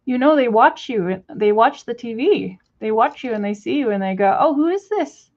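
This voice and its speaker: A woman's voice: on the high side, normal speed, darkish tone, lo-fi sound. A woman chatting casually to her pet bird in cooing baby talk, swearing now and then. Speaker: vlogger.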